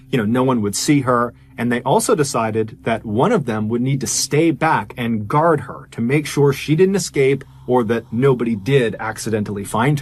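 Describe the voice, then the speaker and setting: A man's voice: medium pitch, a little hiss or hum. A man telling a true crime story in a conversational, emphatic way.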